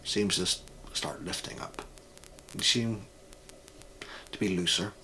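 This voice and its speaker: A man running a tabletop role-playing game as game master, narrating scenes in a measured, descriptive way. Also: deep voice, fairly even intonation, sharp tone, slight background noise, low-quality recording.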